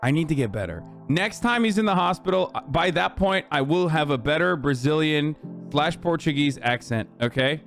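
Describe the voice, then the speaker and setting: A man streams loose, animated commentary, his voice sitting high for a man. He swears freely and keeps the jokes coming, while soft music plays faintly behind him. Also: moderate pace. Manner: profane, joking and animated. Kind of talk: casual commentary.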